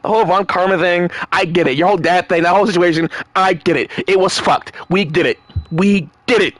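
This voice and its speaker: A man's voice: sits high, fairly even intonation, fairly quick, a bit bright, no room sound. A man playing through a game and reacting to it in casual commentary, with exasperated, profane rants and stumbling restarts. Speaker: gamer reading and reacting to game dialogue.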